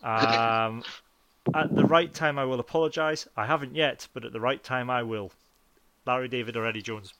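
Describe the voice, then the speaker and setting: A man hosting a casual podcast chat, playful and quick to laugh as he quizzes his guests. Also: mid-range voice, fairly even intonation, a bit bright, no room sound. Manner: playful quizmaster, laughs often. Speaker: podcast host.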